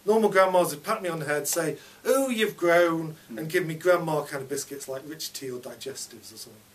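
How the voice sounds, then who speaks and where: A man's voice: on the high side, fast talker, far from the mic. A man reading his own story aloud at a fiction night, in a chatty child narrator's voice.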